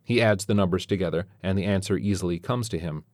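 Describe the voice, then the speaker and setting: Deep dry-voiced male storyteller. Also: fast talker, a little mellow, no room sound. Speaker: narrator. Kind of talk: scripted narration.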